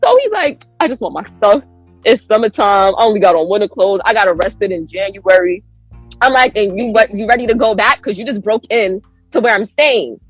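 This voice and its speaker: A woman guest on a podcast telling a story in an animated way. She acts out her own lines with big jumps in pitch and laughs often. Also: a little fast, soft background music, rough recording.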